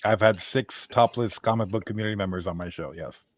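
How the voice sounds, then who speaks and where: A comics and gaming content creator joins a casual livestream as a guest, answering in a laid-back, hesitant way. His voice is lowish and brisk, recorded dry with clean studio sound.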